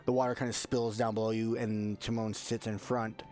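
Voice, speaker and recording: Brief: man running a tabletop game, relaxed narration, voice-call mic, faint music behind. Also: lowish voice, brisk. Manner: loose, filler-heavy narration. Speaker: game master. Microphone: online voice call.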